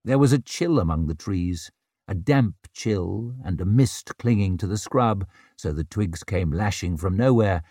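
Grave, measured male narrator, slow and dry, for dark fantasy audiobook. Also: low voice, no room sound.

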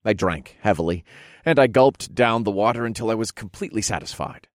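A man narrating a fantasy audiobook in first person, with relaxed, wry storytelling. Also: lowish voice, a little fast, dry recording, studio quality.

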